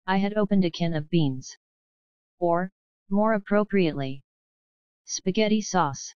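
A woman narrating a novel as an audiobook in an even, measured first-person reading. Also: on the low side, clear, resonant tone, no echo, muffled recording.

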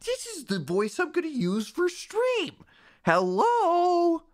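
Squeaky gushing streamer guy, sing-song and over the top, swoops all over, a man hamming it up. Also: wildly swooping pitch, takes it slowly, exaggerated voice. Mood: mock-cheerful. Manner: exaggerated, sing-song, mock-cheerful. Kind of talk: comedic parody voice.

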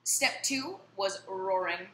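Bright-voiced woman reading a kids' story. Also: mid-range voice, slow. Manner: friendly, lively storyteller addressing kids. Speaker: children's story reader. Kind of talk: storytime read-aloud. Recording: echoey room, faint noise.

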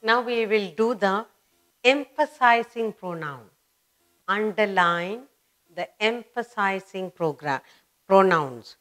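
A woman with an Indian English accent teaching English grammar, repeating example phrases slowly for stress. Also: mid-range voice, animated, fairly bright tone. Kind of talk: classroom grammar lesson.

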